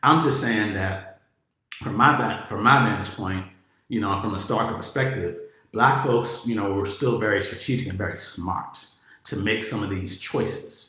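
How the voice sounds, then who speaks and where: A man giving a casual political monologue, talking in a profane, animated way, with many filler words. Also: fairly low pitch, moderate pace. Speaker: political commentator. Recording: very echoey room.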